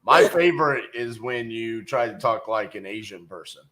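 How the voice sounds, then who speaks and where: A man's voice: mid-range voice, expressive, normal speed, a bit bright, slight background noise. A middle-aged man, co-hosting a casual livestream, joking, telling stories and greeting viewers. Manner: folksy, joking, storytelling. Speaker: co-host, real estate investor. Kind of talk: casual livestream chat reading viewer comments.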